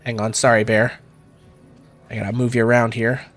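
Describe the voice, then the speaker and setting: A man's voice: mid-range voice, normal speed, faint music behind. Easygoing male game master. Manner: relaxed, many fillers, chuckling. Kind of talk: running a tabletop game.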